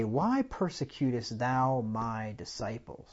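A man preaching a sermon with animated delivery, rising loud on key points and asking the congregation rhetorical questions. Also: medium pitch, measured pace, dull audio.

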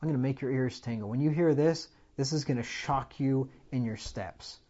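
This expository sermon comes from a man with a mid-range voice at a moderate pace, recorded with the highs cut off. He talks conversationally, rendering scripture in everyday terms and getting loud for dramatic lines.

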